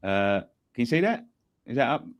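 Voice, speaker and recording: A man's voice: medium pitch, sing-song, moderate pace, no room sound. A man co-hosting a football fan show, chatty and casual, swearing now and then. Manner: chatty, swears, self-promoting. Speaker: co-host and channel owner. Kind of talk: casual chat.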